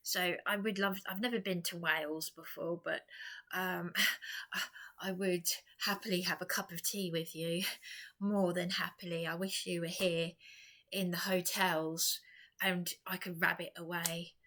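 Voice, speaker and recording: A woman's voice: lowish voice, flat delivery, measured pace, a bit bright. An exhausted woman vlogger talking in a rambling personal monologue, repeating herself, restarting and dropping to whispers.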